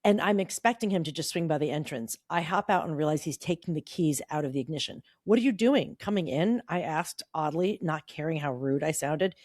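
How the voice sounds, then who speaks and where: A middle-aged woman co-hosting a podcast, reading an old teenage journal aloud and acting out the quotes in a bright voice. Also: low voice, a little fast, hardly any pauses, no echo, studio quality. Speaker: podcast co-host.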